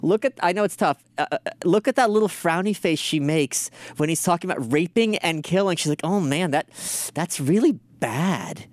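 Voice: mid-range voice, fairly quick, hardly any pauses, dry recording. A podcast host giving profane, sarcastic commentary on video clips and mocking the people in them. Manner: sarcastic, mocking, swears a lot; mimics others in put-on voices.

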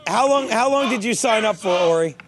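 A man hosting an improvised comedy interview, questioning in a teasing, deadpan way. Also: sits high, brisk.

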